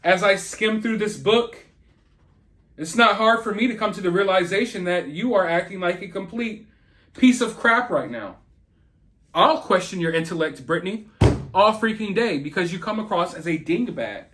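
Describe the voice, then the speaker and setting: A man's voice: sits high, moderate pace, a bit bright. A man hosting his own channel, delivering celebrity gossip commentary in an indignant, sarcastic rant. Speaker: channel host.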